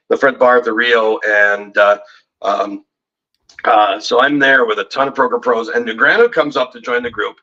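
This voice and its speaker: This guest, a poker pro who is also a betting expert, has a sharp-toned, medium-pitched male voice heard through dull audio. In casual podcast chat he rambles through humorous stories and needles the hosts.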